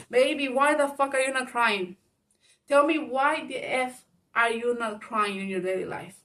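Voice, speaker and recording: A frank, chatty woman with a slightly high voice gives casual advice straight to her viewers. She laughs often, swears freely and calls the listener baby. Her voice sits a little back from the mic. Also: moderate pace, fairly bright tone, distant mic. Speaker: advice vlogger.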